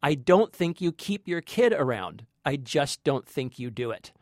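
A man's voice: fairly high pitch, very animated, measured pace, no room sound, clean studio sound. A man co-hosting a film review chat, emphatic and sardonic as he tears into a movie. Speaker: co-host.

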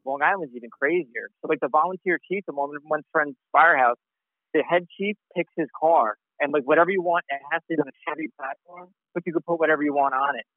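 A man's voice: fairly high pitch, no room sound, narrow, tinny audio. A man who works as a first responder, a guest on a casual podcast, talking in an easygoing way and saying "yeah" often.

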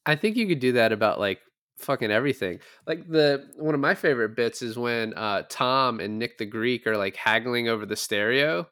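A man's voice: medium pitch, expressive, normal speed, fairly bright tone, dry recording, studio quality. A man co-hosting a podcast, casually retelling film scenes with quoted lines and frequent laughs. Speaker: podcast co-host. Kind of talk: casual movie review chat.

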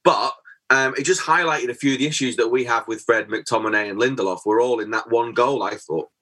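A man hosting a football podcast, chatting casually and analysing a match in quick, lively talk. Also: medium pitch, husky. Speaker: podcast host.

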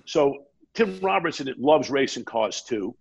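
Man, gravelly husky voice, lively anecdote, quotes people mid-story, lo-fi sound. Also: medium pitch, unhurried. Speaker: guest. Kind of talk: casual storytelling.

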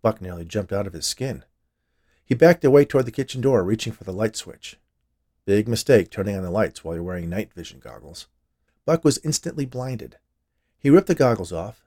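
Brief: male podcast storyteller, lower voice, expressive scripted narration.

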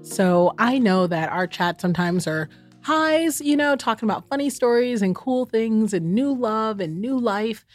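A woman's voice: a little high, lively intonation, unhurried, soft background music. A middle-aged woman, hosting a heartfelt solo chat and speaking candidly and directly to her listeners. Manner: warm, candid, talks straight to the listener as "friend" and "y'all". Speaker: podcast host.

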